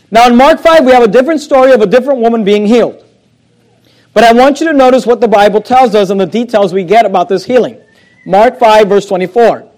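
High-voiced man preaching with emphasis. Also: a little mellow. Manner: emphatic, reads scripture slowly and stresses key words. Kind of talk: sermon.

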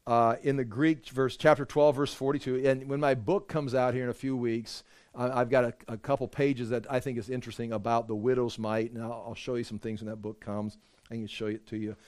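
A man's voice: medium pitch, level tone, a little fast, a little mellow. A man gives an informal Bible lesson in a mid-range voice. He talks loosely, with fillers and false starts, and reads scripture aloud with emphasis. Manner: conversational, with frequent fillers and restarts. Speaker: Bible teacher.

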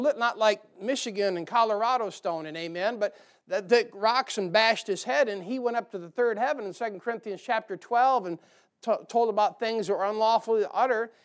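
Folksy man preaching a sermon. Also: high voice. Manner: folksy, humorous, rising to emphatic bursts. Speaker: pastor. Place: church sanctuary.

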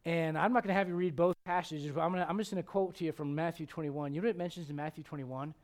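A man preaching a sermon, telling stories and acting out the quotes, sometimes dropping to a hushed tone. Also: fairly high pitch, rapid-fire. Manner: animated storytelling, acts out quotes, drops to hushed tones.

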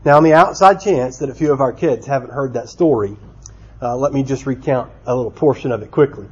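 Husky-voiced pastor preaching. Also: male voice, mid-range voice, brisk, lo-fi sound. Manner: self-deprecating, addresses children directly. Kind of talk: sermon.

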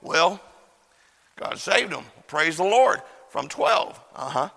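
A man's voice: on the high side, big pitch swings, takes it slowly, creaky, bright, forceful tone. A young man preaching a sermon in a church chapel, telling stories in a folksy way with plenty of fillers. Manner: folksy storyteller with many fillers and quoted voices. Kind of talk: sermon with storytelling. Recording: long hall reverb.

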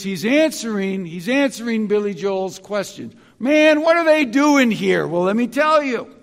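A man preaching a sermon, deliberate and repeating key phrases for emphasis. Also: high voice. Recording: long reverb of a large hall.

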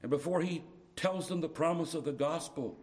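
A middle-aged man preaching a sermon, moving from soft, tender passages to loud, urgent appeals. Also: a little high, moderate pace.

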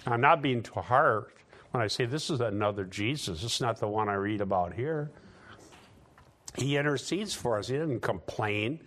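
A man's voice: mid-range voice, expressive, normal speed, fairly bright tone. A man preaching a sermon, teaching conversationally with sarcastic asides and building emphasis.

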